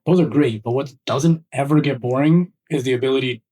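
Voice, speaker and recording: A man hosting a podcast interview, relaxed and agreeable in casual chat. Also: mid-range voice, brisk, recorded from a distance. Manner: relaxed, agreeable, backchannels a lot. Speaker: podcast host. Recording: voice a bit off-mic.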